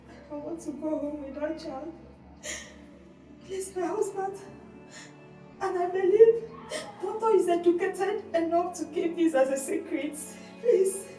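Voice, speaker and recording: Nigerian woman grieving queen, very high and slow, far off in heavy echo. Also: mellow, faint music behind. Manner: tearful, begging. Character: grieving queen who lost a child. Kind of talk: film acting. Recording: very echoey, from afar.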